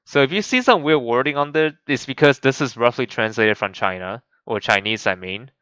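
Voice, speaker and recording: Male gaming host, casual rambling commentary, bright crisp voice, dry close mic. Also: medium pitch, fairly quick, dry recording, lo-fi sound. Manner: rambling, many restarts and fillers. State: voice cracking.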